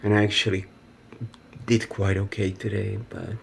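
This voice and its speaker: Male vlogger, very deep gravelly voice, rambling and emotional, faint background hiss. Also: level tone, normal speed. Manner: emotional, rambling, laughs nervously. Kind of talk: personal video diary.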